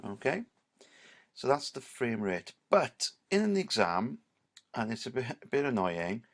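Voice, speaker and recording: A male teacher, giving a casual screen-recorded software tutorial and leaning on "right" and "obviously". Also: medium pitch, sing-song, a little slow.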